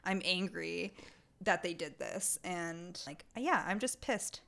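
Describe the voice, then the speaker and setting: A woman's voice: on the low side, vocal fry. Ranting female podcast co-host. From Italian heritage. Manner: heated ranting, fast and animated. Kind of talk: casual podcast chat.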